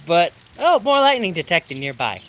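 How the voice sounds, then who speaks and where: Swearing storm streamer, rants freely, pitch jumps all over, rain patters behind. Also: big pitch swings, moderate pace, a bit bright, slight background noise. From Pacific Northwest of the US. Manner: profane, ranting. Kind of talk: live-streamed storm chat. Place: home during a thunderstorm, rain outside.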